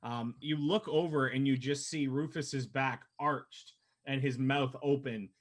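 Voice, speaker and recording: A man's voice: mid-range voice, steady tone, measured pace. A man narrating as game master of a tabletop game in a casual, rambling way, full of fillers. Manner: casual, rambling, many fillers, laughs at his own jokes.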